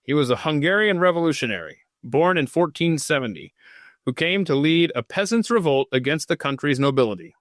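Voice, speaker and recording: A man's voice: fairly high pitch, animated, a little fast, no echo, clean studio sound. Rambling jokey man on a podcast. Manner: rambling and jokey, reading aloud and stopping to riff. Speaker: podcast host. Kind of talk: casual solo podcast monologue. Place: home studio.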